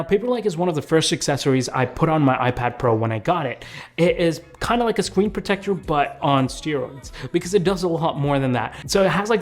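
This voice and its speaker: A young man hosting a tech video, comparing tablets in an upbeat, conversational way with lots of casual fillers. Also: a little high. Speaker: tech YouTuber.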